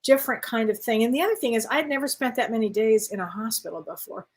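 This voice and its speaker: A woman's voice: on the high side, expressive, fast. A woman co-hosting a casual talk show, speaking in a reflective, earnest way. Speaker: co-host. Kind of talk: casual conversation.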